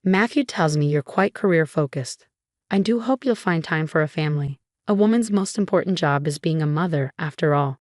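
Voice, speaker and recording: A woman voicing a scheming, condescending older mother-in-law with a saccharine, disdainful manner, in a low, dry read. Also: brisk, a little mellow, no echo, lightly acted.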